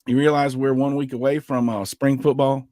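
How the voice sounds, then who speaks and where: A man's voice: medium pitch, little pitch movement, normal speed, a little mellow, dry recording, studio quality. A man co-hosting a casual sports podcast, upbeat and chatty, running through news and show announcements. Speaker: podcast co-host.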